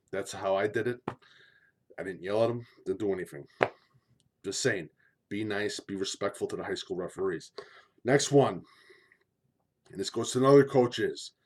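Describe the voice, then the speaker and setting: A man who is a former high school line coach, talking bluntly and repetitively, pleading and swearing casually in an opinion monologue.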